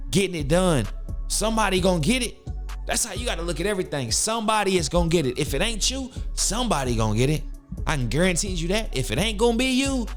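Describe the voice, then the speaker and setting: Hyped-up motivational podcast man. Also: a little high. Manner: hyped-up, profane, preachy. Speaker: podcast host.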